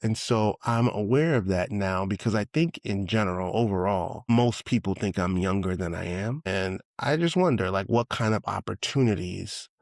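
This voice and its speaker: A man's voice: normal speed, hardly any pauses, no echo. Dry-voiced New York man telling stories. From Brooklyn, New York. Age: 40s. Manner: loose, conversational, acts out quotes with excited higher voice. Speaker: podcast host. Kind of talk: reflective casual storytelling.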